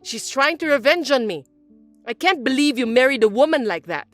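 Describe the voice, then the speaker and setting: A woman voicing a scheming, self-pitying older mother-in-law who talks in a shrill, accusing whine. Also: expressive, fairly quick, no room sound, faint music behind. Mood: complaining. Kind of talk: dubbed drama acting.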